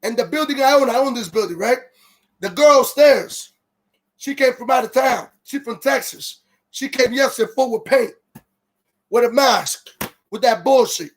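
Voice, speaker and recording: A high-pitched man delivers a heated, profanity-heavy rant as the host of his own livestream. He keeps stopping to read viewer comments aloud before he launches back into his tirade. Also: expressive, moderate pace, long pauses. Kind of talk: ranting livestream monologue.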